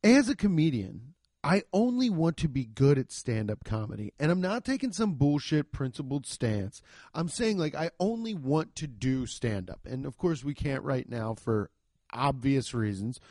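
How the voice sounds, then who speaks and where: A man's voice: medium pitch, animated, normal speed, a little mellow, no room sound, clean studio sound. A man who is a stand-up comedian, hosting his own podcast in a rambling, profane, self-deprecating solo monologue. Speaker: podcast host.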